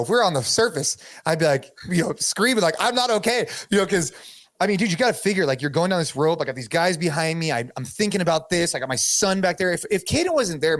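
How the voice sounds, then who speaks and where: Animated man telling a story, casual. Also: a little high, dry recording. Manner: animated storyteller, lots of "dude" and "like". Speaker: podcast host. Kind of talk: casual podcast chat.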